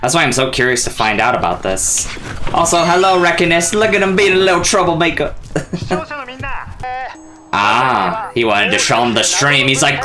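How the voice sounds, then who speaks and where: A man's voice: medium pitch, sing-song, moderate pace, over music. Chatty man reacting to a TV episode. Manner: chatty, laughs often, blurts out reactions. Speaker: reaction video host. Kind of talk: casual reaction commentary. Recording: show audio playing loudly beneath.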